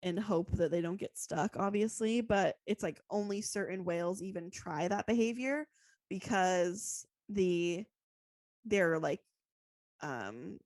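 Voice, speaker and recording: A woman's voice: fairly low pitch, slow, a little mellow, dry recording. A woman co-hosting a podcast, chatting in a rambling way full of "like" and "um". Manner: rambling, lots of "like" and "um". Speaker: podcast co-host. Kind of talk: casual chat.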